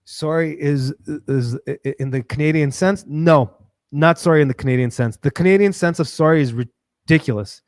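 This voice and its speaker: A man hosting his own livestream, talking in a rambling, animated way, full of fillers and restarts. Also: a little high, moderate pace, dry recording, studio quality. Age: adult with a daughter. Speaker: livestream host. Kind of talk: casual livestream monologue.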